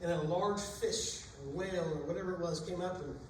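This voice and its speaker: A man with a fairly high voice delivers a sermon, retelling old stories in plain, everyday words. He sounds set back from the microphone in a very echoey church sanctuary, with a faint hum of room ambience behind him. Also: fairly quick, darkish tone. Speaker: preacher. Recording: echoey room, distant mic.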